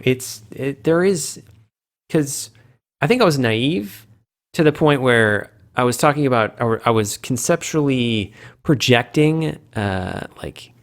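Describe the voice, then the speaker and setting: A man hosting a casual solo video chat for a game community, rambling and correcting himself, playful with made-up words. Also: fairly bright tone. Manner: acts out fans' reactions with sudden pitch jumps.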